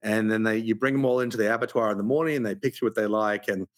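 A man from Australia, hosting a podcast and musing in a relaxed, reflective way. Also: fairly low pitch, fast. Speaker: podcast host. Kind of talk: casual conversation.

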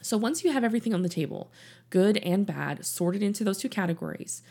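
A middle-aged woman hosting a podcast as a life coach, speaking in an earnest, personal and gently instructive way. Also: medium pitch, animated, brisk, creaky. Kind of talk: reflective podcast monologue. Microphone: studio mic in her office.

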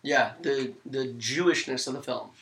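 A podcast co-host in a casual movie discussion, dry and wry with quick bursts when making a point. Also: mid-range voice, creaky, fairly bright tone. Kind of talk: casual chat about movies.

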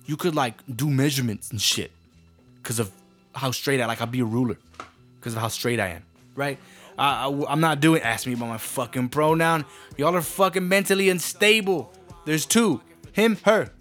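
A man's voice: medium pitch, normal speed, fairly bright tone, faint music behind. A man delivering a brash, profane comedic rant monologue.

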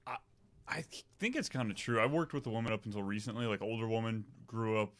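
A man with a very low voice chatting on a movie podcast. He talks with eager enthusiasm and firm opinions, casual and unscripted. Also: fast. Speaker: podcast co-host.

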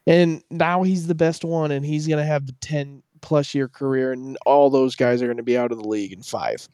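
A man's voice: mid-range voice, steady tone, normal speed, mellow, smooth, dry recording, studio quality. A man co-hosting a casual sports chat, ranting animatedly and swearing freely. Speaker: podcast co-host.

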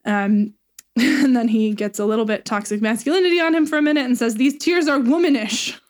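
A woman's voice: on the high side, brisk, darkish tone. A woman casually retelling a play's plot in a chat, with laughs and irreverent asides. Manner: chatty, laughing, paraphrases lines irreverently. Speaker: podcast co-host retelling a play.

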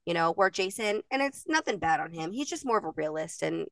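A woman's voice: on the low side, animated, a little fast, gravelly, a bit bright, dry recording, far from the mic. A woman in her thirties, co-hosting a podcast and telling stories in a chatty, emotional way, laughing often. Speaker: podcast co-host. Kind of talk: casual chat.

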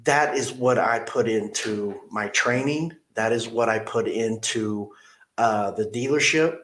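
Middle-aged man, low voice, earnest plain-spoken storyteller, casual interview. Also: unhurried, fairly bright tone. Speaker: car dealership manager.

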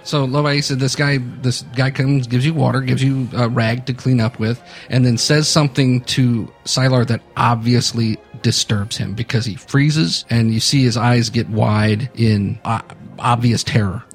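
A man narrating a tabletop game as game master, halting and full of restarts. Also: medium pitch, steady tone, soft background music.

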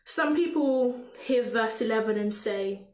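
A woman with a Caribbean accent teaches in a loose, unhurried way, reading a scripture passage and breaking off for little asides and fillers. Her voice sits a bit high, and the room around her is noticeably echoey. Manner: relaxed, with frequent fillers and self-asides. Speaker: podcast preacher.

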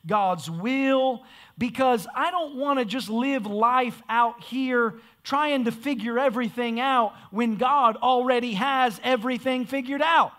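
A man's voice: extremely high pitch, measured pace, fairly bright tone. A man preaching a sermon in a church, emphatic and repetitive. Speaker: pastor. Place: church sanctuary.

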